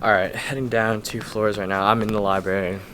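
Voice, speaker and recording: A man's voice: fairly low pitch, steady tone, a little fast, a bit bright, slight background noise. A young man, a college student, chatting casually to his camera in a slangy, laid-back vlog style. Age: young adult. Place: around a college campus, indoors and out.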